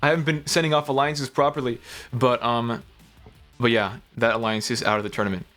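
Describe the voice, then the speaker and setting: A man's voice: medium pitch, fairly even intonation, brisk, a bit bright, soft background music. A man calling play-by-play on a game match, announcing the action in short bursts. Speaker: play-by-play commentator.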